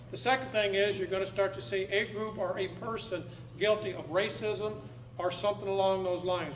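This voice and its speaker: An American man lecturing a live audience in a blunt, dramatic way, with sudden loud bursts. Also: sits high. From United States. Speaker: public speaker. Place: meeting room with an audience. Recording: echoey room, faint background noise.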